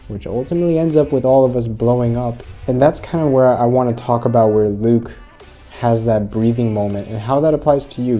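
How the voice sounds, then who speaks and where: A channel host with a warm, mid-range voice speaks earnestly to his viewers in motivational commentary. He retells a story to make a point.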